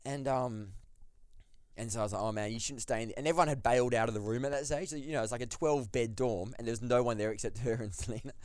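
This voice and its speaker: A man's voice: medium pitch, fairly even intonation, fast talker, darkish tone, clear, resonant tone, no echo, studio quality. A young man telling stories as a podcast guest, rambling with lots of fillers. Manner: rambling, filler-heavy, laughs through the story. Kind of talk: casual storytelling chat.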